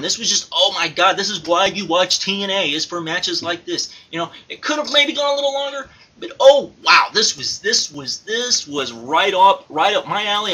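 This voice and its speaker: A man's voice: high voice, bright, forceful tone, husky, heavily acted, poor audio. A man voicing a giddy male alter-ego reviewer who gushes over wrestling shows and keeps repeating and exclaiming. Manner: gushing, repeats himself, exclaims often. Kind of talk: excited spoken review.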